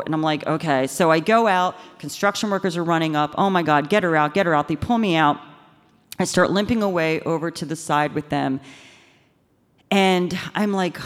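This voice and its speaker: Woman telling a story live on stage. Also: on the low side. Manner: animated, self-mocking, quick shifts into quoted voices. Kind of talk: live first-person storytelling. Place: live stage in front of an audience. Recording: stage mic with long hall reverb.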